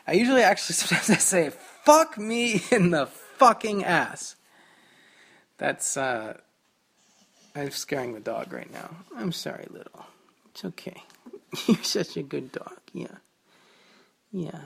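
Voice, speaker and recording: A man's voice: on the high side, gravelly, fairly bright tone, husky. A man hosting a casual solo podcast from his kitchen at home, rambling and joking with self-mocking humor. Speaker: podcast host.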